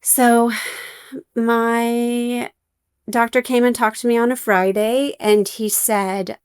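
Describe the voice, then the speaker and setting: Young woman guest on a podcast, wry and emotional, smooth clear voice. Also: a little high, level tone, slow, no room sound, studio quality. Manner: wry, emotional, many fillers. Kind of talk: candid storytelling interview.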